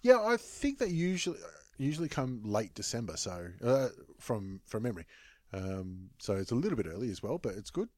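A man's voice: mid-range voice, big pitch swings, moderate pace, a little mellow, no echo, studio quality. An Australian man hosting a podcast, chatting casually with blunt, sweary opinions. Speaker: podcast host. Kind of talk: casual chat.

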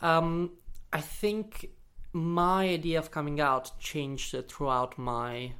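Italian-accented man, podcast guest, animated storyteller, filler-heavy, wry. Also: fairly high pitch, slow. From Italy. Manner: animated, many fillers, playful sarcasm. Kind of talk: storytelling in casual interview.

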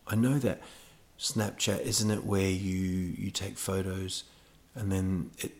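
Man, comic podcast host, very low voice, rambling, jokey asides. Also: level tone, slow pace, darkish tone. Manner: digressive, jokey asides, self-mocking.

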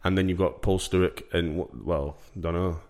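A man's voice: low-pitched, steady tone, normal speed, a little mellow. A man with a Yorkshire accent hosting a podcast, telling rambling jokey stories in casual chat. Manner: jokey, rambling storyteller with frequent laughs. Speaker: podcast host.

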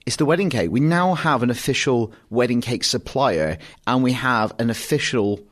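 A man's voice: medium pitch, lively intonation, normal speed. A man with a British accent co-hosting a podcast in casual, jokey chat, dry and mocking when he reads quotes aloud. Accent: British English. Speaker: podcast co-host.

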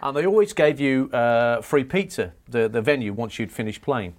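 A man's voice: mid-range voice, lively intonation, moderate pace. A man who is a sports radio presenter, telling a self-deprecating story on a comedy panel show.

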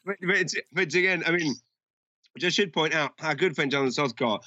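A man's voice: a little high, fairly quick, bright, forceful tone, lo-fi sound. A man co-hosting a film podcast, chatting casually with a rambling, restart-heavy delivery. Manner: rambling, lots of restarts and fillers. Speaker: podcast co-host.

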